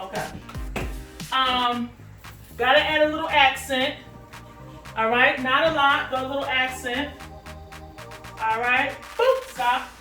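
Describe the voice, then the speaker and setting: A high-pitched woman chats playfully while she cooks. She talks straight to her viewers, a little away from the mic in an echoey kitchen, with music behind her. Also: bright, forceful tone, far from the mic. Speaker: cooking vlogger. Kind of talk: casual cooking chat. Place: home kitchen.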